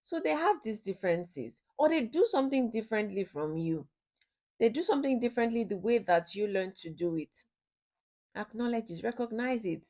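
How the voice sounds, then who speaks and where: A woman's voice: fairly high pitch, animated, moderate pace, darkish tone. A woman speaks as a ministry teacher, giving a talk on marriage. She drives her points home by repeating them and keeps turning to her listeners with questions, in an earnest, instructive way.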